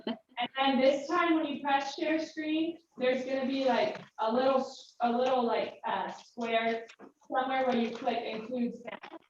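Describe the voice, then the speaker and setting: A woman's voice: high-pitched, fairly even intonation, unhurried, a little hiss or hum. A woman on a video call patiently walking someone through screen-sharing settings step by step. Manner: patient step-by-step instructions with fillers. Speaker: tech helper on call. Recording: echoey, distant lo-fi call audio.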